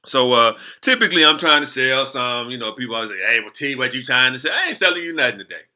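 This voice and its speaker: A man telling a story to the camera in casual, slangy talk, lively and animated. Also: mid-range voice, quick pace. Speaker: motivational speaker.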